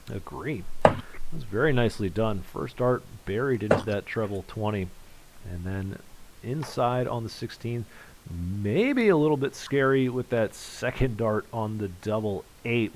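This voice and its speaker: A man's voice: fairly low pitch, animated, unhurried, a little hiss or hum, low-quality recording. A man commentating live on an online darts match, calling scores and reading out viewer chat in a conversational way. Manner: voice rises sharply on big finishes.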